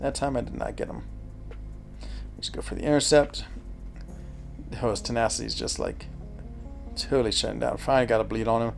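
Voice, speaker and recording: A man's voice: mid-range voice, fairly even intonation, a little fast, creaky, pauses often, soft background music. A man chatting casually while streaming a mobile game, thinking aloud, answering chat and laughing easily. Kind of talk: casual live gameplay commentary.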